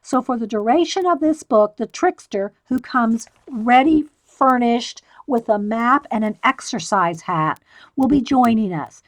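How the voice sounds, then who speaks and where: A woman's voice: fairly high pitch, animated, measured pace, dry recording, poor audio. A woman, an artist, chatting casually on a livestream and reading aloud from an art book, interrupting herself with asides and laughs.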